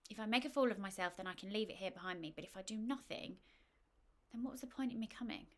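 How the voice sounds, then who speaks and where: A woman's voice: medium pitch, fast, natural voice. A woman voicing an anxious, flustered woman on holiday, huffy and self-mocking. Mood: nervous resolve.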